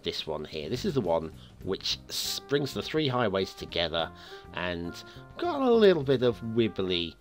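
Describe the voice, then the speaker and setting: A man hosting a game map review show, his voice sitting low while swinging widely in pitch. He talks in a chatty, upbeat way full of playful asides, with soft music playing faintly behind him. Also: wildly swooping pitch, measured pace.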